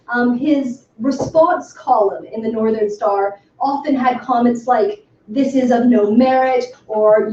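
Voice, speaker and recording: A woman giving an academic talk to a workshop audience, speaking with enthusiasm and emphasis and filling pauses with frequent ums. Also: high-pitched, mellow. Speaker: lecturer. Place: lecture room. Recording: far from the mic in an echoey room, dull and slightly noisy.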